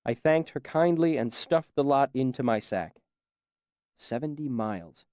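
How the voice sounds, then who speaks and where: Male audiobook narrator, measured first-person storytelling, dry studio sound. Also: medium pitch, expressive, darkish tone, no room sound.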